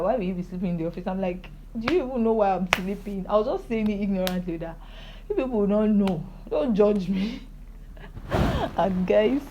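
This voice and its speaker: A woman's voice: on the low side, mellow, lo-fi sound, a little hiss or hum. A young woman speaking to camera in an emotional, joyful personal video diary, praising God. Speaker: vlogger.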